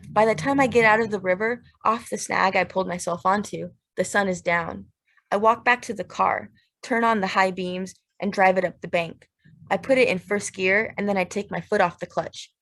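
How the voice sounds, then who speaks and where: A woman narrating a literary audiobook in a steady, measured, plain way. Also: mid-range voice.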